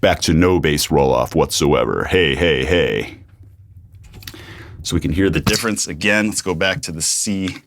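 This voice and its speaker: With a rumbling low voice at a moderate pace, a YouTube host tests a studio condenser microphone in his home studio, repeating phrases to check levels during a casual gear review. Slight background noise sits behind him.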